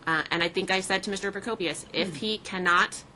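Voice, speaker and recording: Brisk, bright-voiced woman judge. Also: mid-range voice, slight background noise, poor audio. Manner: firm, procedural, explains rulings at length. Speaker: family court judge. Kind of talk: courtroom proceedings. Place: courtroom.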